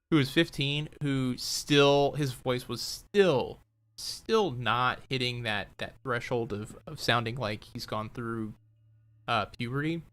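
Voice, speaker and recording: A man's voice: mid-range voice, slow, fairly bright tone. A man chatting casually while gaming on a stream, talkative and laughing often.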